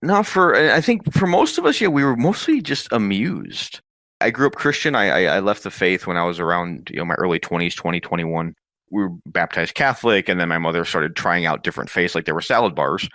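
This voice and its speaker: A man in his thirties, an interview guest, telling a personal story in a casual, animated way. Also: low voice, a little fast, no echo, clean studio sound. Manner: lively, animated retelling with acted quotes.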